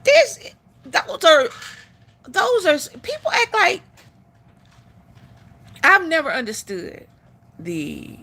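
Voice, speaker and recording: Sassy, blunt high-voiced woman. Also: wildly swooping pitch, very slow, pauses often, pushed and bright. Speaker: live stream host. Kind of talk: casual opinion talk.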